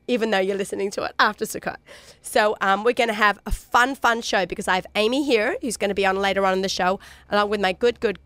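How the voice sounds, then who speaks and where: Australian woman with a nasal, raspy cold. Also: medium pitch, a bit bright, dry recording. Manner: chatty, upbeat, with fillers and laughs. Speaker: radio show host. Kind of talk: casual radio food talk. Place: radio studio. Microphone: studio microphone.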